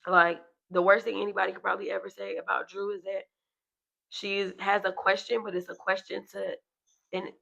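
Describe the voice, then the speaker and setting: A woman and mother co-hosting a podcast, telling a story in casual chat, animated and swearing freely as she acts out what others said. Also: mid-range voice, brisk, gravelly, highs cut off.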